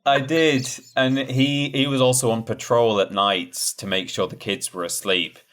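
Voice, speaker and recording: A young man co-hosting a casual podcast chat, telling anecdotes in a lively way. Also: measured pace. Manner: lively anecdote telling, pitch jumps when excited. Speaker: podcast co-host.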